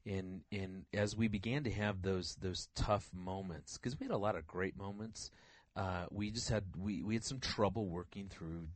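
A man's voice: deep voice, moderate pace, dry recording. A man, a guest on a radio talk show, earnestly telling a story about his marriage and acting out the quoted voices. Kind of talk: storytelling in conversation.

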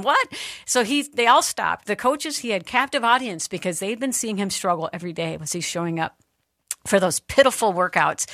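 A middle-aged woman hosts a faith talk show and tells a story with lots of energy and expression. Her voice sits at a medium pitch and sounds close and dry, with no room echo. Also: a bit bright. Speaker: host.

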